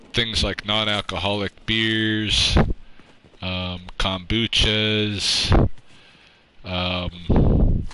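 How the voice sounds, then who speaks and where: Slow, low-voiced rambling gamer man. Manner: rambling and self-deprecating, loose with swearing, lots of fillers. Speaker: livestreaming gamer chatting with viewers. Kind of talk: casual livestream chat. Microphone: own microphone close up. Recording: clear background noise.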